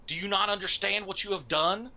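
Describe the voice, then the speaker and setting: A man's voice: high voice, fairly even intonation, a little fast, vocal fry, pushed and bright, pitched above the performer's own voice, heavily acted. A man voicing a stern older female priestess who scolds a wayward young man. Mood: scolding. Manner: scolding, indignant.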